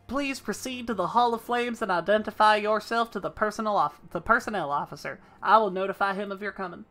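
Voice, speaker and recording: A woman's voice: medium pitch, a little fast, fairly bright tone, soft background music, voice pushed up, close to an everyday voice. A woman voicing a formal, courteous male officer of a knightly order in a video game, reading stately.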